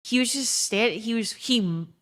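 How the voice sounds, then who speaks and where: A woman's voice: fairly high pitch, moderate pace, a bit bright. A young woman streamer in casual chat, ranting with plenty of swearing and reading chat messages aloud. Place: her own emptied bedroom.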